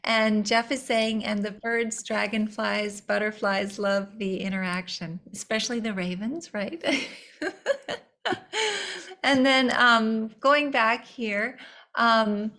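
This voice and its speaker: A woman's voice: fairly high pitch, lively intonation, slow pace, bright, forceful tone. A woman moderating an online session, friendly, reading audience questions aloud from the chat.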